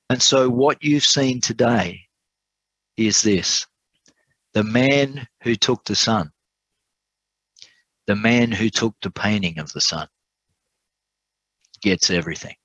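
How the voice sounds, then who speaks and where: Low-voiced man telling a sermon story. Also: slow, long pauses, a bit bright, breathy edge, no room sound, rough recording. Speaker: preacher.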